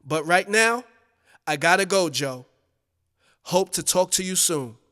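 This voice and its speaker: A man voicing a calm, businesslike record executive. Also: high-pitched, a little slow, big-room sound, heavily acted.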